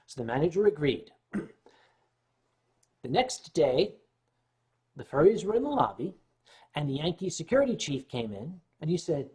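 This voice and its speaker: A man hosting a livestream, telling a long anecdote in a lively way and clearing his throat often between beats. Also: high voice, normal speed, pauses often. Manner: animated retelling with shifting loudness. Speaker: livestream host. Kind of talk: anecdotal storytelling.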